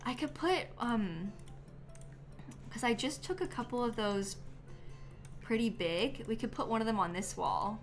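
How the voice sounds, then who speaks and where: A woman's voice: on the high side, lively intonation, measured pace, pauses often, faint music behind. A woman streaming a life-sim game live, chatting casually with many ums and likes and giggling now and then.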